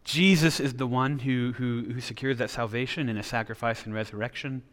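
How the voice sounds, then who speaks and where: A man's voice: medium pitch, steady tone, a little fast, fairly bright tone, long reverb tail. A man preaching a sermon in an earnest way, often restarting his words as he explains. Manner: earnest, with frequent repeated restarts. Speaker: pastor.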